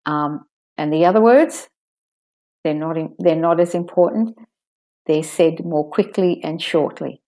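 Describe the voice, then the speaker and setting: Woman, pronunciation teacher, slow and careful, slightly low voice, stresses key words. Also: mellow. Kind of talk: pronunciation lesson, modeling sentences for repetition.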